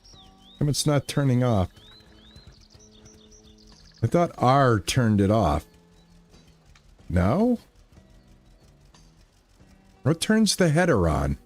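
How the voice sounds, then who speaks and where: A man's voice: mid-range voice, very animated, very slow, pauses often, faint music behind. A man chatting casually to his live chat while playing a farming game, rambling and easygoing. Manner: laid-back, rambling, talks to chat. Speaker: streamer.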